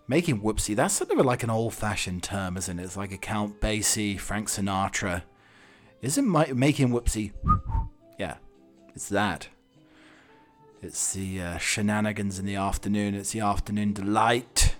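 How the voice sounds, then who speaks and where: A man's voice: on the low side, normal speed, faint music behind. A man hosting a podcast alone, rambling cheekily in a casual monologue with wry asides. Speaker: podcast host.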